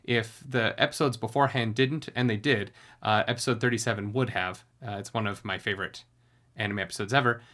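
A young man hosting a casual anime reaction video, chatty and energetic, now and then singing along loudly. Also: lowish voice, a little fast. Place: home recording room.

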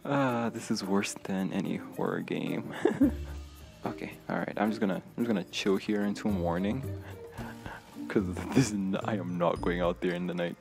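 A man's voice: low-pitched, normal speed, vocal fry, over music. A young man commentating his own gameplay, nervous and jumpy, talking to himself with frequent gasps and laughs. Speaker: gamer streamer. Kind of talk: let's play commentary.

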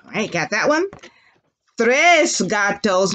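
A woman's voice: medium pitch, huge pitch swings, measured pace, fairly bright tone. A woman teacher leading young children through a language lesson, with sing-song call-and-repeat drills and playful animal sounds.

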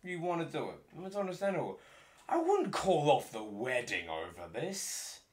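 A man co-hosting a casual chat podcast, animated and jokey, giving advice and repeating himself. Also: on the high side, moderate pace. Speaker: podcast co-host.

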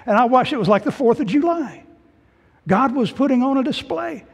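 Man, middle-aged, pastor, sermon, husky voice, high pitch, long church reverb. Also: expressive, normal speed. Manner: emotional personal testimony, swinging from loud to hushed. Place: church sanctuary.

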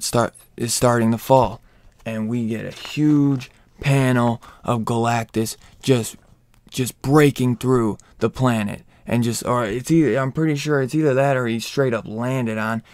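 A man casually recapping a comic book, rambling and excitable with lots of fillers. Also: mid-range voice, unhurried, no room sound.

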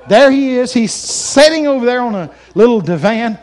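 Lively high-voiced preacher telling a story. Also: male voice, normal speed. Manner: animated, shouting at peaks, laughing. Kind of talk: storytelling sermon. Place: church camp meeting.

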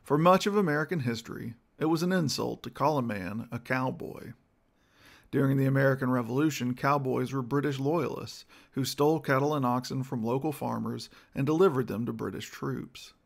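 A man delivering a scripted history lecture in a measured, rhetorical way, posing questions to his listeners. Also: mid-range voice, gravelly. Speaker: speaker giving a history talk.

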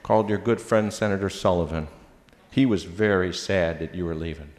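A man's voice: low-pitched, normal speed, darkish tone. An older man giving a farewell floor speech as senate president, teasing dryly and then speaking earnestly. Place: legislative chamber. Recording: reverberant hall.

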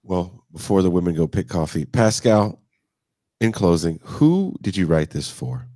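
Deep, husky male podcast host. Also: animated, unhurried, dark tone, dry recording, clean studio sound. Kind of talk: podcast conversation.

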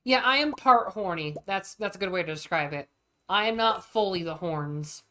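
A woman streaming a farming game and chatting casually, playful and quick to swear, often talking to the game's characters. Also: mid-range voice, lively intonation, a bit bright, a little hiss or hum. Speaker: vtuber streamer. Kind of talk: casual chat while playing a farming game.

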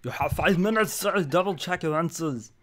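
A man's voice: fairly high pitch, normal speed, fairly bright tone, voice pushed up, lightly acted. A man voicing a strict female schoolteacher who warns the class against cheating. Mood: stern. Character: stern female schoolteacher giving a test.

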